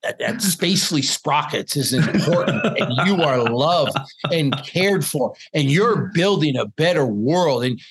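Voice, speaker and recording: A man co-hosting a casual podcast over a video call, telling stories in an animated, sarcastic way and swearing freely. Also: fairly high pitch, unhurried, hardly any pauses, a little hiss or hum. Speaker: podcast co-host.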